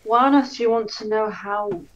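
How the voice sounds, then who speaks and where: Brief: female player, mid pitch, dull lo-fi mic. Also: fairly even intonation, normal speed, slight background noise. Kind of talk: tabletop role-play.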